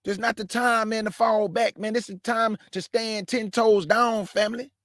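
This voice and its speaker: A man's voice: high voice, fairly even intonation, normal speed, a bit bright, dry recording, clean studio sound. A man preaching live to young people, fervent and repetitive, often calling listeners man and family. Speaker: host and preacher.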